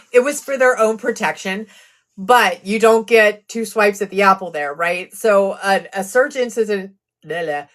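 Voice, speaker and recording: A woman's voice: medium pitch, a bit bright. Woman, true crime streamer, mid-range voice, casual conversational delivery, reads comments aloud, sarcastic asides.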